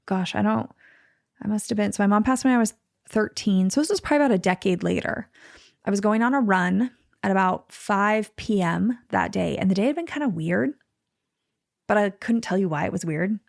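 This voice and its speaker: A woman's voice: mid-range voice, animated, brisk, creaky, no room sound, clean studio sound. A woman podcast host talking casually, thinking aloud and filling her speech with "like.". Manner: chatty, lots of "like" fillers, thinks aloud. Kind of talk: casual conversation.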